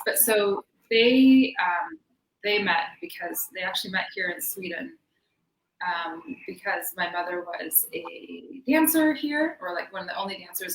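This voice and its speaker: Woman guest, mid-pitched, chatty and laughing, echoey room with a faint hiss behind her. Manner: chatty, laughing often, many fillers. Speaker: interview guest, belly dancer. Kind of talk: casual video-call interview. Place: home room in Sweden.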